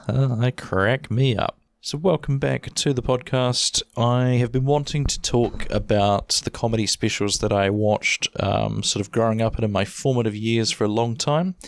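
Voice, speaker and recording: A New man opens his podcast in a chatty, self-amused way, his voice low and smooth. The sound is dry and close, with no room around it. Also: dry recording. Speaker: podcast host. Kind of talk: casual solo podcast intro.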